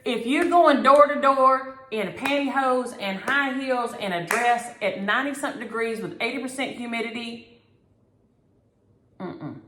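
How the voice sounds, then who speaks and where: A woman hosting a needlework vlog, telling a story in an animated, exasperated way. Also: fairly high pitch, moderate pace, a little hiss or hum. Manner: animated, exasperated storytelling with Southern turns of phrase. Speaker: flosstube host. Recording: echoey room.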